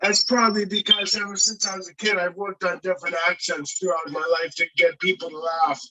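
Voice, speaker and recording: A man from Windsor, Ontario speaks earnestly in a casual livestream chat, with a high, bright and slightly husky voice. He sounds distant from the mic, as if joining over a call. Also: little pitch movement, brisk. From Windsor, Ontario, Canada. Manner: earnest, determined, a bit rambling. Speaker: guest YouTuber.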